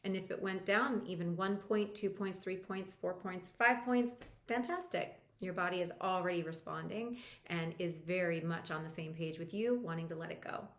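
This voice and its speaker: A woman coach leading a guided tapping lesson, talking the listener through each step in a calm, reassuring way. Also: lowish voice, moderate pace, few pauses. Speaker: EFT practitioner and coach. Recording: roomy echo.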